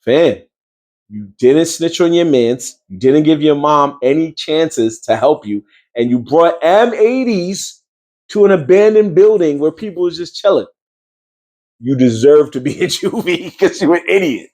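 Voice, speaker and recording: New man, higher voice, slangy incredulous recap rant, host reviewer. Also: lively intonation, unhurried, a little mellow. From New York. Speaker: show reviewer.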